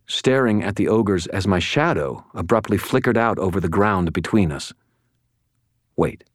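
A man narrating a first-person audiobook in a steady, measured storytelling voice on a close studio mic. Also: low-pitched, dry recording.

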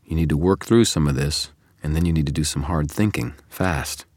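A man voicing a calm, knowing male double of the hero, probing and wry, in an audiobook. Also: extremely low pitch, moderate pace, no echo. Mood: coaxing. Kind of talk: audiobook character reading.

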